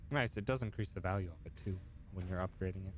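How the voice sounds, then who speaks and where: Relaxed man streaming a game. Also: low-pitched, fast, a little hiss or hum. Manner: relaxed, reads game text aloud. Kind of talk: casual game commentary and reading aloud. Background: game music.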